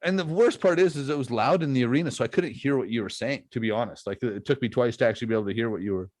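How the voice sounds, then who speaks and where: A man's voice: medium pitch, rapid-fire, a little mellow, dry recording. A man hosting a podcast, chatting casually and telling stories with lots of fillers. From Canada. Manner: laid-back storytelling with frequent fillers. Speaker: podcast host. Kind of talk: casual chat.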